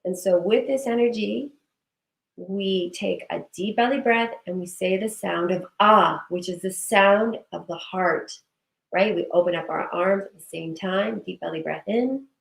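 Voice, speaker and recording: A woman guides a breathwork session at an unhurried pace, her cues soothing and drawn out. Her voice carries the ring of an echoey room. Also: medium pitch, gravelly. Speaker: breathwork and wellness instructor.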